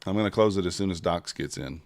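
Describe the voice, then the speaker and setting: A man with a somewhat low voice hosts a casual livestream, talking straight to his viewers and answering their comments. The sound is dry and close. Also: a little mellow, no echo. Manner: chatty, answers viewer chat, hurried giveaway countdown. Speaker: livestream trading host.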